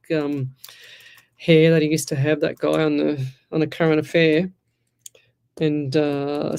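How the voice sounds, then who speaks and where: A woman's voice: lowish voice, a little mellow. An Australian woman hosting a live radio show as a psychic medium, chatting in a rambling way and laughing often as she tells stories. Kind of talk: live radio reading, casual chat.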